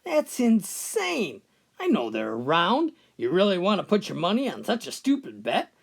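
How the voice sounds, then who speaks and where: A man's voice: high voice, huge pitch swings, a little slow, vocal fry, breathy edge, exaggerated voice. A man voicing a skeptical male bank manager who talks bluntly and with disbelief. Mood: scoffing. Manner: incredulous and blunt.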